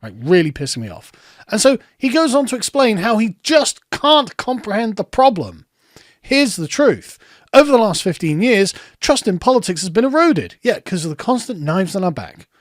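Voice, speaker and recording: A man's voice: sits high, big pitch swings, normal speed, no echo, studio quality. A man, ranting in heated, sarcastic political commentary.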